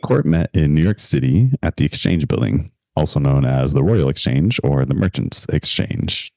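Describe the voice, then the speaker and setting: A man co-hosting a podcast in a relaxed, chatty way, full of fillers and light laughs. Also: rumbling low, normal speed, vocal fry, no room sound. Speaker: podcast co-host. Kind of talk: casual podcast chat.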